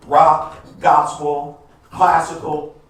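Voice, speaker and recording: On a live stage in a large venue, an American man in his fifties tells a personal story, addressing the audience directly in a conversational, emphatic way. His voice is fairly high, a bit bright and monotone, with drawn-out words, and it's heard from a distance in an echoey hall.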